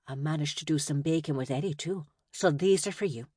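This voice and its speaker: A woman's voice: deep voice, fairly quick, mellow, breathy edge, no room sound, studio quality. A woman voicing a cheerful mother who works as an agent, speaking with a Northern English accent and rounded vowels. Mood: friendly.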